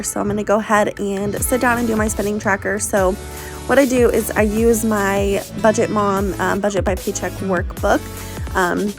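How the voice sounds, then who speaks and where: A woman's voice: medium pitch, creaky. A young woman from Missouri, talking casually and rambling a bit as she vlogs at home, filmed on a phone propped in her bathroom. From Missouri, USA. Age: 20s. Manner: chatty, rambling with many fillers. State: out of breath. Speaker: vlog host. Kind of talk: casual vlog voice-over and talking to camera. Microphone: phone propped in a cabinet.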